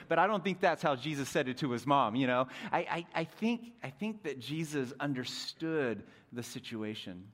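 A young adult man preaching a sermon as pastor, animated, dropping to soft intimate tones at times. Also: fairly high pitch, a little fast.

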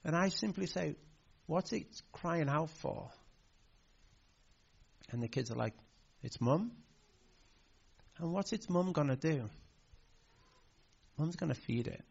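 A man in his thirties or forties preaches a heartfelt sermon with a gravelly edge to his voice. He tells a story with many hesitant fillers. The recording sounds dull and lo-fi. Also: on the high side, lively intonation, unhurried, pauses often. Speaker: pastor.

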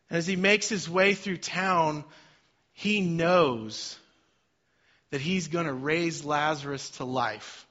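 A man, a pastor, preaching a sermon with dynamic swings between loud emphasis and soft, quiet lines. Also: fairly high pitch, slow, lo-fi sound.

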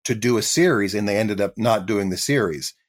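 A man in his fifties with a fairly low voice tells stories from his acting career as an interview guest. He is chatty and self-deprecating, often slipping into quick voices as he quotes people. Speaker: guest actor. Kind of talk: casual interview storytelling.

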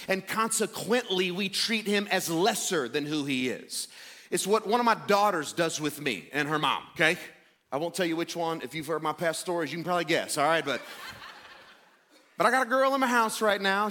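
A man in his thirties preaching a sermon to a church congregation, animated and conversational, acting out quoted voices. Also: high voice. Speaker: pastor. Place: church sanctuary.

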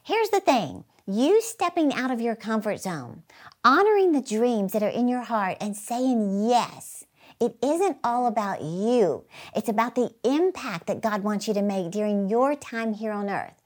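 A woman's voice: on the high side, sing-song, measured pace. A middle-aged woman preaching an earnest motivational sermon, telling stories with emphasis.

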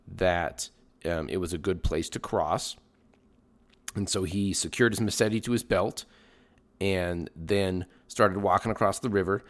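A man with a fairly low voice narrates a podcast story in a measured, scripted way. His delivery is dry and wry, with the jokes tucked in without fuss. He sounds middle-aged. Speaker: podcast host.

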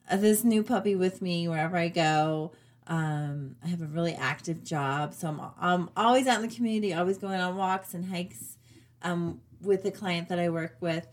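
A woman in her forties chatting casually to her viewers in a personal update, with lots of fillers and small laughs. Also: fairly low pitch. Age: 40s. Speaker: vlogger.

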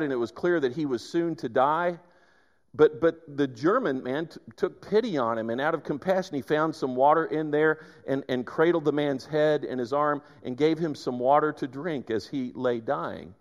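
Animated male preacher in a reverberant hall. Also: fairly high pitch. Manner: animated storytelling, frequent restarts. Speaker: pastor. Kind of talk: sermon.

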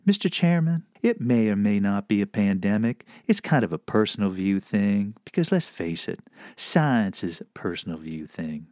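A mellow, easygoing male waiter drawls his words in a slow Southern US accent, as a man puts him on. His pitch wanders up and down with a lively sing-song. The recording is dry and close. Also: no room sound. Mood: mock-soothing.

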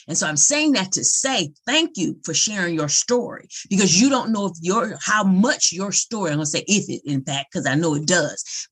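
A woman's voice: lowish voice, fairly bright tone, slightly rough. A middle-aged woman hosting a podcast interview, talking in an earnest, encouraging way and telling a family story. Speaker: podcast host. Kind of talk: casual interview conversation.

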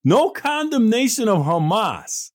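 A man's voice: high voice, big pitch swings, unhurried. A middle-aged man hosting an opinion show, reading out news and answering it in a blunt, indignant, sarcastic way. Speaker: host. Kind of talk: opinion commentary.

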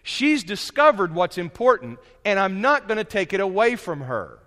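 A preacher voicing Jesus as a calm, gentle grown man who speaks patiently and does not scold. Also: sits high, normal speed, exaggerated voice. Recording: long reverb of a hall.

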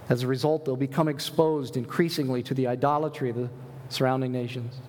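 A male pastor giving an animated sermon, asking rhetorical questions and reading scripture aloud. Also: medium pitch, in a large hall, slight background noise.

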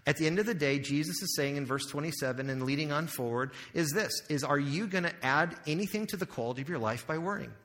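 With a long hall reverb around him, a male pastor speaks quickly with hardly any pauses, his voice a little high and fairly bright. His sermon is conversational, full of questions to the audience and jokes on the side.

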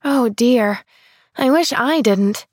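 A woman's voice: on the high side, slow pace, dry recording, clean studio sound, voice pushed up. A woman voicing a cheerful, eager little girl who gushes breathlessly in a storybook reading. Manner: gushing, breathless and exclamatory.

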